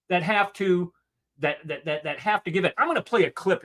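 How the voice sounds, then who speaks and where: Heated American man ranting with lively pitch. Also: moderate pace. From United States. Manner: emotional ranting; sarcastic, indignant. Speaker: host. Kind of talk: heated commentary on a video.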